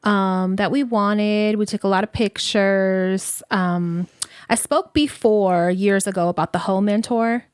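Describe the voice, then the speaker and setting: A woman's voice: mid-range voice, steady tone, a little slow, clean tone, no echo, studio quality. A woman co-hosting a podcast in casual chat, telling stories full of fillers and swearing. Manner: chatty storytelling, lots of fillers and swearing. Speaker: podcast co-host.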